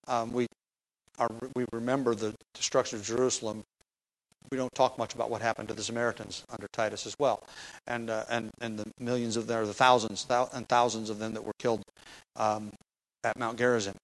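A man's voice: medium pitch, low-quality recording. A man preaching an expository sermon, teaching from a passage with emphatic stress on key words and occasional fillers and restarts.

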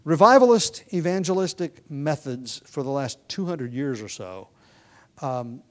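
Man preaching a measured sermon. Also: on the high side, lively intonation. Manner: measured teaching delivery with occasional restarts. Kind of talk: expository sermon.

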